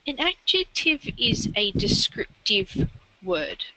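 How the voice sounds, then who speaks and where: A woman's voice: on the high side, very animated, takes it slowly, bright, forceful tone, no room sound, poor audio. A woman tutoring a learner in literacy, explaining grammar step by step and encouraging them. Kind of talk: one-on-one literacy lesson.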